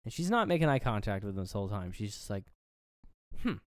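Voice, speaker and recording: Racing through it, a male podcast co-host casually recaps a film scene by scene, leaping in pitch to act out what the characters say. He's loose, profane and heavy on fillers; the audio is clean studio sound with no room ambience.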